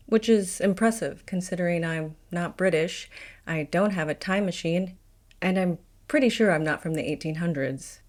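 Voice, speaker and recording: A woman's voice: on the low side, normal speed. A woman from Appalachia with an Appalachian accent, narrating a scripted educational video in a wry, confident storytelling manner. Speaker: video host.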